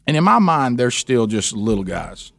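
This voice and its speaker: A man's voice: mid-range voice, big pitch swings, moderate pace, creaky, fairly bright tone, dry recording, clean studio sound. A middle-aged man hosting a talk radio show, telling a story with many restarts.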